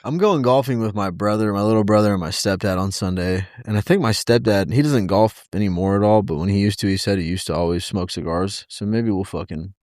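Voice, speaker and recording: A man's voice: on the low side, brisk, few pauses, a little mellow, dry recording, studio quality. A man co-hosting a casual podcast, blunt and joking, swearing freely. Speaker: podcast co-host. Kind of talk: casual chat.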